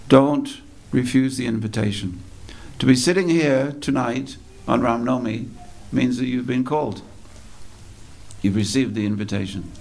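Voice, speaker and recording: A man giving a storytelling sermon at a temple, slow and dramatic, repeating phrases for effect. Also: mid-range voice, creaky, darkish tone. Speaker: speaker at a temple festival. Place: temple hall.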